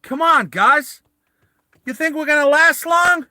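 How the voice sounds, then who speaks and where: A man's voice: extremely high pitch, animated, a little slow, sharp tone, voice pushed up, full character voice. A man voicing a cocky, wisecracking teammate with a put-on New York accent, mocking and exclaiming.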